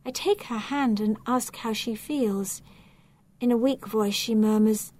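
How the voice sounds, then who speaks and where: A woman narrating a storybook reading in a measured, clear, deliberate way. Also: a little high, a little mellow.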